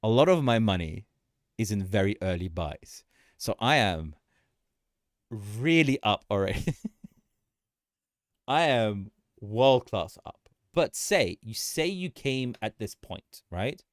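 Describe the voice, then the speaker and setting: A man hosting a casual market commentary livestream, animated and joking, often repeating himself and laughing. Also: fairly low pitch, measured pace, dry recording, studio quality. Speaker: livestream host.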